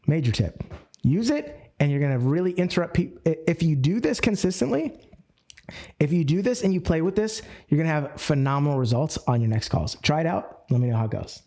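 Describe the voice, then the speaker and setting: A man leading a live group coaching session, energetic and animated, acting out phone calls and shifting his speed and tone as he teaches. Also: fairly high pitch, brisk. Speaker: network marketing coach.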